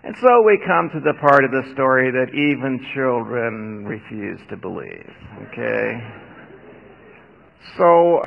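A man's voice: mid-range voice, vocal fry. A man preaching a sermon in a conversational way, with wry asides. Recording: dull, echoey hall recording.

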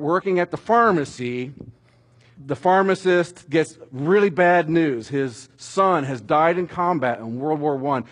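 A middle-aged man preaching a sermon, telling stories with animated emphasis that rises toward shouting at dramatic moments. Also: on the high side, breathy edge. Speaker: pastor.

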